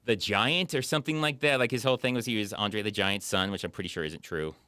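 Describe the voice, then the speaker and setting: A man co-hosting a casual chat about movies, rambling and animated, with lots of fillers. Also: lowish voice, fast talker, clean tone, dry recording, clean studio sound. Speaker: podcast co-host.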